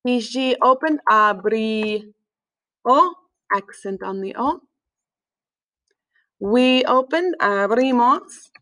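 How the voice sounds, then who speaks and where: A woman teaching a recorded language lesson in a relaxed way, with many fillers, slowing down to spell words out. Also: fairly high pitch, rough recording. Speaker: Spanish teacher.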